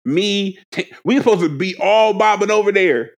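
A man's voice: sits high, normal speed. A man co-hosting a casual podcast, rambling in slang with lots of restarts. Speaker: podcast co-host. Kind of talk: casual chat.

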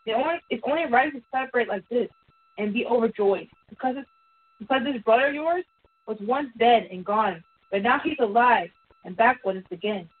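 A woman preacher voicing a gentle, forgiving older father in a tender, reassuring way. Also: a little high, brisk, natural voice. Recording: tinny phone line, echoey and distant.

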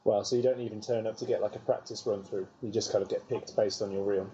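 A woman's voice: extremely low pitch, fairly even intonation, fast talker, dark tone. A woman hosting an interview, asking questions in an enthusiastic, encouraging way. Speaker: interview host. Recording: dull lo-fi audio, faint background hiss.

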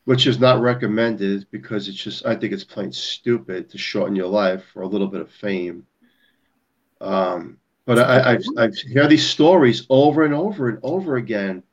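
A man's voice: fairly low pitch, normal speed. Man chatting, muffled lo-fi sound. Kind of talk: casual chat. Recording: dull lo-fi sound.

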